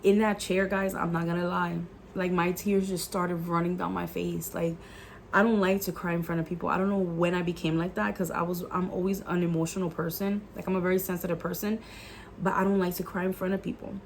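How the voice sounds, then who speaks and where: An earnest woman recounts a personal faith testimony to her viewers in a casual vlog. She sounds emotional, leans on "like" constantly and drops in the odd Spanish phrase. Her voice sits at a middle pitch over a faint background hiss. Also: little pitch movement, fairly quick. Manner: earnest and emotional, many "like" fillers. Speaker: YouTuber sharing a faith testimony.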